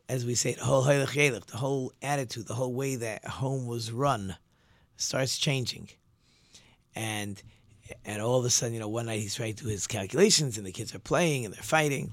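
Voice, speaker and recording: A man's voice: mid-range voice, no room sound, clean studio sound. A man, a rabbi hosting a talk show, telling a story animatedly with frequent restarts. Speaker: rabbi and radio show host.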